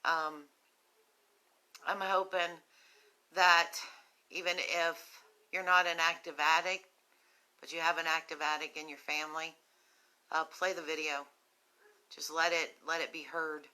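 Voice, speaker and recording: A West Virginian woman speaks into her phone on a live stream, low and steady in pitch, with a bright, clear tone. She is sick with a cough and has a cough drop in her mouth, and she talks slowly and gently to people struggling with addiction, filling the pauses with ums. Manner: slow, gentle and compassionate, with frequent ums. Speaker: host of a recovery nonprofit's live video. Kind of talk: earnest live-stream talk to viewers.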